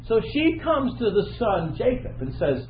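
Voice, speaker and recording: A middle-aged man preaching a sermon, telling the story with animated voices for the people in it. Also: high-pitched, unhurried, heavy background noise. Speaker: pastor. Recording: dull echoey recording in a large room.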